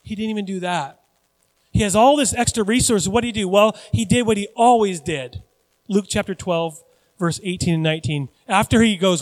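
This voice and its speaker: A pastor in his forties preaching a sermon with animated, joking, self-deprecating asides. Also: high voice, normal speed, in a large hall.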